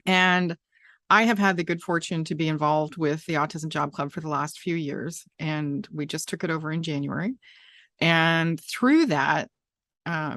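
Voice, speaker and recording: A woman's voice: low-pitched, a bit bright, no room sound, studio quality. A woman hosting a talk show, chatting casually and rambling with many restarts and fillers. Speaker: podcast host. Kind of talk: casual chat.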